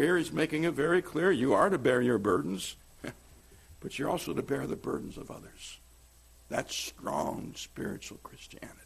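A man preaching a sermon as pastor, swinging between loud emphatic stress and quiet asides. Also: on the high side, vocal fry, slightly rough.

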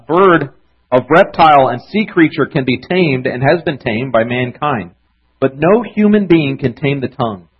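A man's voice: a little high, husky, dull audio. A man preaching a sermon as a pastor, earnest and conversational, with frequent restarts.

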